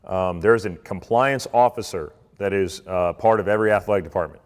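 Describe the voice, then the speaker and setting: A man, a swim coach, giving a relaxed, conversational talk to athletes and parents, with many fillers. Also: on the low side. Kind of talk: informal presentation. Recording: reverberant hall.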